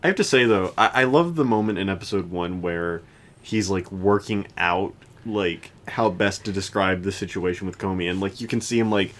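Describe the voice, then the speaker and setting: A man's voice: sits low, normal speed. A man co-hosting a podcast, chatting casually about anime in a rambling way with lots of restarts. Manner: rambling, many restarts and fillers. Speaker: podcast co-host.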